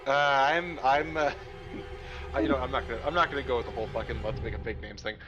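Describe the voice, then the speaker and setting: A man's voice: mid-range voice, fairly even intonation, fast, a bit bright, highs cut off, faint music behind. A young man playing a tabletop game, giggly and stammering. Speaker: player. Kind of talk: casual tabletop play.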